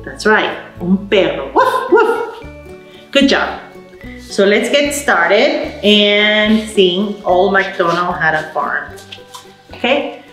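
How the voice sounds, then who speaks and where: A woman's voice: medium pitch, lively intonation, fairly bright tone, faint music behind. Sing-song librarian woman in an echoey room. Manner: slow, sing-song, encouraging, talks to babies; mixes in Spanish words. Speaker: children's librarian. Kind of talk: baby storytime with rhymes and songs.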